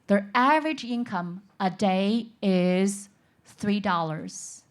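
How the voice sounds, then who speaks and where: A woman from China speaks on a conference panel as an insurance expert. She tells stories in an earnest way, at a middling pitch. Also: slow. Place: conference stage.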